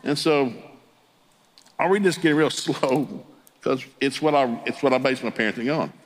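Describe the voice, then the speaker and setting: A man's voice: mid-range voice, normal speed, a little hiss or hum. A middle-aged man, a Pentecostal preacher, telling humorous family stories in a sermon and chuckling as he talks. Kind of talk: folksy storytelling sermon.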